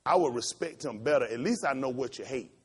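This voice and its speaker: Impassioned preacher with a lively, swooping voice. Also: male voice, fairly quick, breathy edge. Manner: impassioned storytelling, swinging between loud high outbursts and low quiet asides. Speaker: pastor. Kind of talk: sermon.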